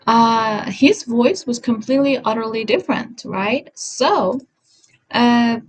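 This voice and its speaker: A woman's voice: a little high, slow, breathy edge, poor audio. A woman talking in a casual commentary vlog, rambling and self-correcting, often apologizing, recorded on a home setup. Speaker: vlogger.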